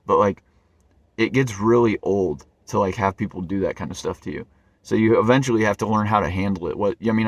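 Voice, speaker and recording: A man's voice: lowish voice, dry recording. A man telling a personal story to camera in an earnest, rambling way, often stumbling and repeating his words. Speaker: vlogger.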